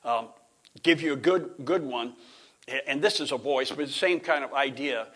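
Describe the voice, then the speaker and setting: A middle-aged man gives an informal Bible lesson, speaking at a mid-range pitch. He rambles, restarts his sentences and clears his throat often. Now and then he chuckles between points. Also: moderate pace, a bit bright. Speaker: Bible teacher. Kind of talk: informal classroom lecture.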